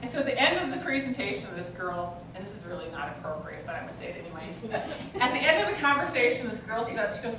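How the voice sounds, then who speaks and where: A woman's voice: mid-range voice, sing-song, quick pace, hardly any pauses, noisy background. Woman coaching a workshop in an echoey room. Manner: conversational, anecdotal teaching. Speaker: customer service coach. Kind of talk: workshop presentation. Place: meeting room with an audience. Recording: echoey room from far off, faint ambience.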